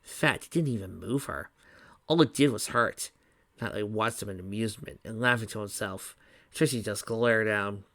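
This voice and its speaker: A man reading fan fiction aloud in a steady voice, with small slips and restarts. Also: on the low side, normal speed, dry recording. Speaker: reader.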